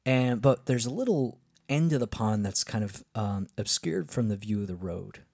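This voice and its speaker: Low gravelly man telling a rambling story. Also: expressive, moderate pace, a little mellow, no echo, clean studio sound. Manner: rambling, many fillers and restarts, upbeat. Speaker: podcast host. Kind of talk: casual storytelling monologue.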